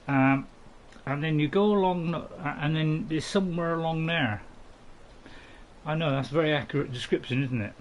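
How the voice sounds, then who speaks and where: A man's voice: fairly high pitch, normal speed, a little hiss or hum. A middle-aged man chatting casually with his live-stream viewers while he plays, rambling and joking with plenty of restarts. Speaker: gaming streamer.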